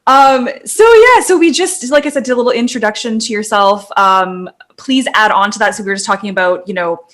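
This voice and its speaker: A woman's voice: medium pitch, fairly quick, a bit bright. A woman co-hosting a podcast, chatting casually with plenty of "like" and "um". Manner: chatty, lots of "like" and "um". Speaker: podcast co-host.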